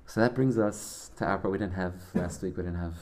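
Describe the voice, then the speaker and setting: A man with a low, dark voice gives a Torah class, retelling a Hasidic story. He speaks conversationally, with frequent restarts and Yiddish and Hebrew words woven through his sentences. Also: brisk, a little hiss or hum. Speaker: Torah teacher.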